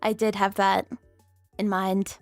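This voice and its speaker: A young adult woman streaming, chatting casually with viewers, rambling and giggly, swearing freely and jumping into squeaky high bits. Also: little pitch movement, slow, dry recording, faint music behind.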